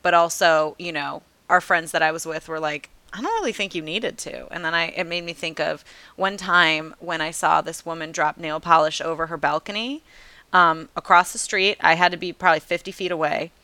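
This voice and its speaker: A woman's voice: sits low, fairly even intonation, normal speed, sharp tone, clear, resonant tone, no room sound. A woman co-hosting a podcast in casual chat, telling stories about herself with self-mocking humor. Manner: chatty storyteller, laughs often, self-mocking. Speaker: podcast co-host.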